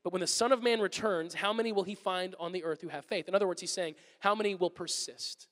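A man in his thirties preaching a conversational sermon as a pastor, animated and acting out little everyday scenes. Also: high-pitched, quick pace, big-room sound.

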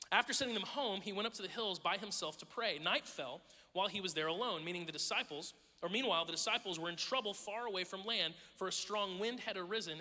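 A middle-aged man delivers a sermon in a very bright, lively voice that sits high for a man. He tells his stories with humor and acts out the people in them. A long reverb trails off every line in the hall. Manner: animated storytelling, jokes and acted-out quotes. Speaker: pastor.

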